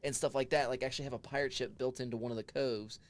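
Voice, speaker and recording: A man's voice: mid-range voice, fairly even intonation, fast talker, no room sound. A man who plays a clown on a haunted trail, chatting brashly and teasing on a podcast. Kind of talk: casual podcast chat.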